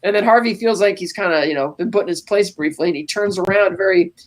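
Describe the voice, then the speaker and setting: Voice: mid-range voice, fast talker. A podcast co-host retelling a movie scene by scene in a casual, rambling way. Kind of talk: casual film recap.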